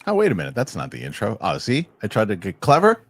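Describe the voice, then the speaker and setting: A man's voice: fairly low pitch, huge pitch swings, fast talker, breathy edge, dry recording. A man hosting a casual podcast chat, jokey and rambling. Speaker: host. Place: New York studio.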